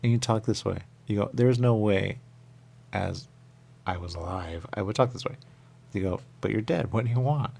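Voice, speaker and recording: A man hosting a radio show, rambling through a spiritual monologue with a repeated refrain and sudden high voices when he quotes others. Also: moderate pace, vocal fry, a little mellow. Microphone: radio studio mic.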